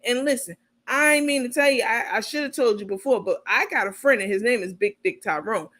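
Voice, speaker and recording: A woman voicing a brash, bossy woman who talks loud and blunt on the phone. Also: fairly high pitch, a little fast. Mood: sassy.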